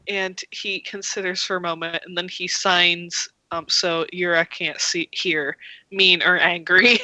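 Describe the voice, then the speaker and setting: A woman player narrating her character's actions in a tabletop game, halting, with many ums and restarts. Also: fairly low pitch, steady tone, bright, forceful tone, dry recording, rough recording. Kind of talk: casual tabletop game play.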